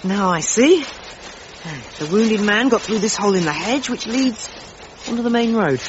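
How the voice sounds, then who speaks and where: An actor voicing a keen young reporter in a cartoon, speaking briskly and eagerly. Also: male voice, high voice, expressive, lo-fi sound, noisy background.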